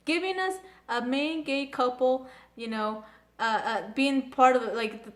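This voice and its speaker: A young woman reviewing an anime episode in casual chat, gushing and excitable, full of "like" and restarts. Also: high-pitched, measured pace. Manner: gushing, filler-heavy, excitable.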